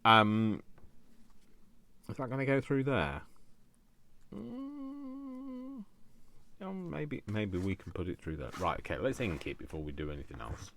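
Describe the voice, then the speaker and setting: Deep-voiced man thinking aloud. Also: expressive, moderate pace, fairly bright tone, slight background noise. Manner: chatty self-talk, addresses himself by name, jokey asides. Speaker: crafting channel host. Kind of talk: thinking aloud while crafting.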